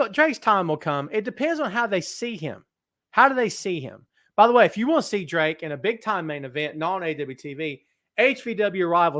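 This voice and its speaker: Man, stream host, reads chat, self-mocking, animated, slightly high pitch, dry room. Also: dry recording. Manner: animated, self-mocking, talks straight to viewers. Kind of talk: live-stream chat reading viewer comments.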